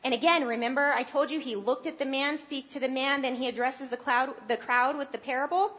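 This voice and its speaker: Earnest high-voiced woman preaching. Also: steady tone, brisk, a bit bright, lo-fi sound. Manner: earnest and conversational, rising with emphasis. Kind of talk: sermon.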